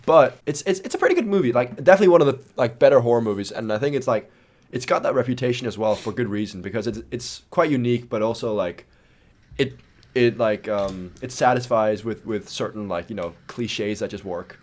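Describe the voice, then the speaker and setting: A man's voice: mid-range voice, a little fast, darkish tone. A man co-hosting a podcast in casual chat, teasing and laughing often. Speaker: podcast co-host.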